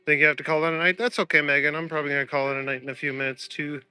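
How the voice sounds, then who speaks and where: A man's voice: a little high, level tone, racing, pushed and bright, smooth, no room sound, faint music behind. A young man, chatting casually and joking with viewers during a live stream while out walking. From Canada. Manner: laid-back, joking, laughs often. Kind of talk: casual chat reading viewer comments. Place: walking outdoors.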